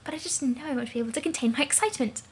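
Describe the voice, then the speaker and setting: A woman voicing a gentle, shy female alien cherub girl in a soft, hushed, near-whispered voice with formal, polite wording. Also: sits high, rapid-fire, slight background noise. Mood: tender. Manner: polite, formal, a bit rambling.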